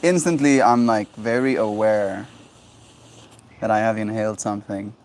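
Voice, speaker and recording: A man hosting his own daily stream, high and rambling in a casual, halting way with many restarts. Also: fairly even intonation, darkish tone, a little hiss or hum. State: high on cannabis. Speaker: livestream host. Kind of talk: casual solo stream chat.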